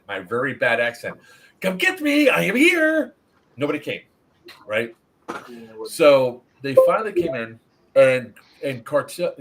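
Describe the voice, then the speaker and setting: Man hosting a stream, swinging his pitch all over, swearing while he tells event stories. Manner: animated, swears freely, storytelling. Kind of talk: casual stream chat.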